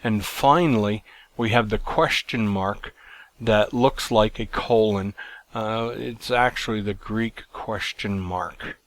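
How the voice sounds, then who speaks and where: Low-voiced man teaching a lesson. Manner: plain, measured explaining with fillers and restarts. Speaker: Greek teacher. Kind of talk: recorded lesson.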